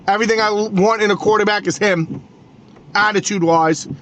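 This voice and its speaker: Male New podcast host, high voice, hot-headed profane sports rant, stammering restarts, noisy background. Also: steady tone, a little fast, fairly bright tone.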